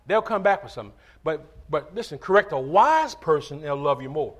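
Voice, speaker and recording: A man's voice: high-pitched, animated, normal speed, fairly bright tone. A male pastor preaching a sermon, calling for amens and telling casual stories between points. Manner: call-and-response preaching, asks for amens; conversational asides and storytelling.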